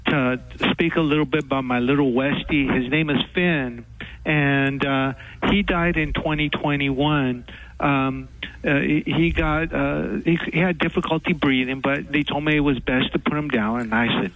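Guy calling in, stumbles and pauses a lot, emotional. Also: a little high, fairly even intonation, a bit bright, a little hiss or hum, rough recording. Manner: halting, emotional, many fillers. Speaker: caller. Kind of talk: call-in radio talk.

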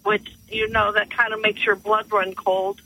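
A woman's voice: mid-range voice, little pitch movement, moderate pace, pushed and bright, breathy edge. A woman from northeastern Pennsylvania calling into a radio show, telling a story earnestly and with animation. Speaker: caller. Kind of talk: phone-in storytelling. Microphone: telephone. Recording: tinny phone line.

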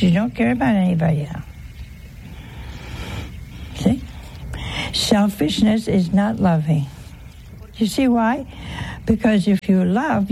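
A woman's voice: medium pitch, creaky, warm tone, slight background noise, rough recording. A woman giving a homely, conversational sermon, teasing her listeners with rhetorical questions. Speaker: religious teacher.

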